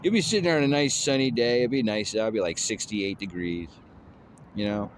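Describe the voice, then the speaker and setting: A man's voice: lowish voice, brisk, a little hiss or hum. A man rambling in a casual monologue, drawling with lots of fillers like "you know" and "man".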